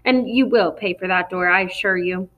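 A woman reading an audiobook, voicing an indignant, forceful middle-aged father who speaks coldly and sarcastically. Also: lowish voice, moderate pace, highs cut off, natural voice. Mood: scornful, outraged. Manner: cold, sarcastic, commanding.

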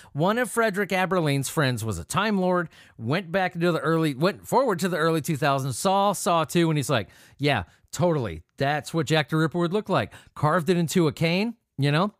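A man's voice: fairly high pitch, dry recording, studio quality. A man hosting a podcast, talking in a sarcastic, profane and rambling way. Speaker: podcast host. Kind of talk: casual podcast monologue.

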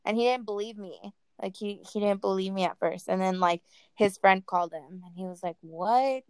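A woman's voice: mid-range voice, normal speed, a little mellow, smooth, dry recording. A young woman co-hosting a casual chat, talking in a laid-back, wry way with lots of fillers.

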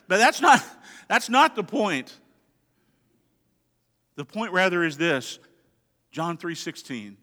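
A man with a high, bright voice preaches in a church sanctuary, his words ringing out with a long reverb. He swings from hushed, drawn-out phrases to emphatic bursts as he preaches. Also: sing-song. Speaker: pastor. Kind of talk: sermon. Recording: long reverb of a large hall.

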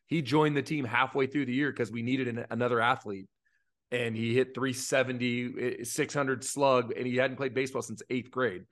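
A youth baseball coach talks in a heartfelt, earnest way, his feelings close to the surface. His voice sits at an ordinary middle pitch for a man, and his sentences run on with fillers and restarts. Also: fairly even intonation, normal speed, fairly bright tone. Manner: earnest and openly emotional, many fillers. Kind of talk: casual podcast chat.

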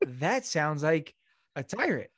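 A man's voice: a little high, big pitch swings, slow pace, no room sound, studio quality. Teasing, laughing man in a podcast chat. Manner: teasing, laughs often, jokes in quoted voices. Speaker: podcast co-host. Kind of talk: casual chat.

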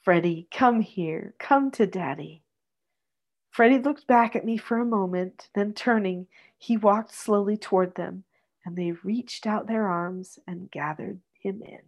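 A middle-aged woman hosting a podcast, reading a story aloud in a gentle, soft-spoken way and chatting afterward. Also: medium pitch, fairly even intonation, measured pace, dull audio.

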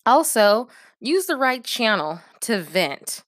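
A woman's voice: sits high, very animated, slow pace, no room sound, clean studio sound. A woman giving casual, direct advice in a coaching manner, often checking in with her listeners. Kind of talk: casual advice talk to camera.

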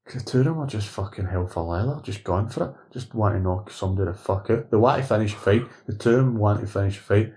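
A man in casual sports chat, excitable and swearing freely as he co-hosts a podcast. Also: on the low side, fast talker, few pauses. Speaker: podcast co-host.

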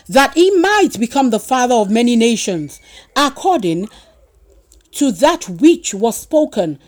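A woman's voice: on the high side, big pitch swings, unhurried, a little mellow, dry recording. A woman preaching a sermon, asking her listeners direct questions and quoting scripture often.

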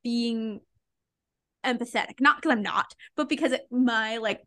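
A woman's voice: a little high, a little slow, a bit bright, no room sound, studio quality. A young woman guesting on a podcast, talking candidly and loosely with lots of filler words and frequent laughs. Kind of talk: casual conversation.

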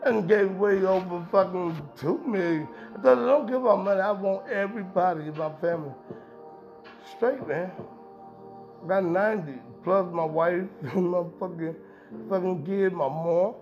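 In a casual podcast monologue, a male host rambles, swears, and speaks emphatically, his voice sitting high and moving at a measured pace. Music runs behind a dull, lo-fi recording.

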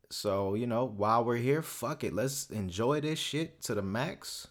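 A man's voice: medium pitch, expressive, unhurried, hardly any pauses. A young man hosting a solo podcast, ranting casually in a profane, swaggering, rambling way. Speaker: podcast host.

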